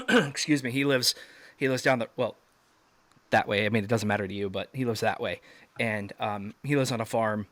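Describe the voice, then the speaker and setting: A man guest on a video call telling a story in a casual interview, acting out quoted shouts with sudden jumps up in pitch. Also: moderate pace, long pauses, no echo.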